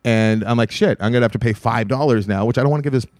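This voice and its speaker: A man in his thirties, co-hosting a podcast, telling an animated story in casual chat and acting out both sides of a conversation. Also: medium pitch, racing, dry recording, studio quality. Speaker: podcast co-host.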